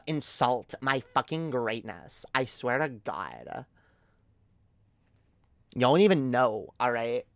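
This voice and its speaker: A woman's voice: very deep voice, dry recording, full character voice. A woman putting on the voice of a snobbish, bratty young valley girl who makes boastful, profane threats.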